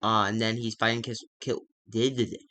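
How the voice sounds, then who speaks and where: A man casually narrating his wrestling sim save, halting and full of fillers. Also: on the low side, flat delivery, bright, forceful tone, dry recording. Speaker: gaming video creator.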